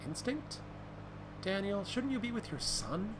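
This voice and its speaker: A man's voice: sits high, expressive, a little slow, noisy background, voice pushed up. A man raising his voice to read a guarded young policewoman. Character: young female police officer, reserved.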